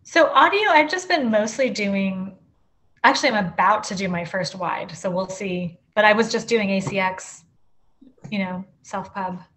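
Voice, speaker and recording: A woman author speaking as a guest in a casual interview. She talks in a loose, chatty way, full of fillers and quick restarts. Her voice sits at an ordinary middle pitch. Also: fairly bright tone.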